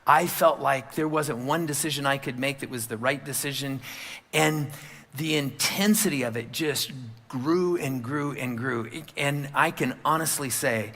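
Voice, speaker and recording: A man's voice: medium pitch, a little slow, a bit bright. A male pastor giving a sermon, telling a personal story in a candid, conversational way with frequent fillers. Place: church sanctuary. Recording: long church hall reverb.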